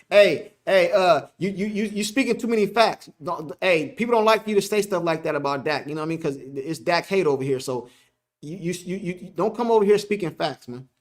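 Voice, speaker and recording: A man hosting a casual sports live stream, reading the chat aloud, joking, laughing and repeating himself. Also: fairly high pitch.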